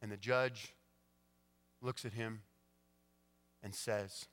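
A male pastor preaching a sermon, swinging between hushed, quiet passages and emphatic, rising declarations. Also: fairly low pitch, steady tone, takes it slowly, long pauses. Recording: long church-hall reverb.

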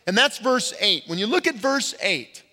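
Pastor guy preaching a sermon, kinda high voice, big reverby church sound. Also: big pitch swings, pushed and bright. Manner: emphatic preaching with slow stressed words. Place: church sanctuary. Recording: reverberant hall.

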